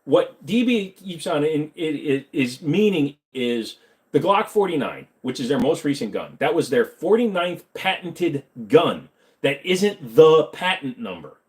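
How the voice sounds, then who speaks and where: Joking livestream host, lively pitch. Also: male voice, a little slow. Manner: joking, rambling, self-correcting. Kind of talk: casual livestream Q&A reading chat.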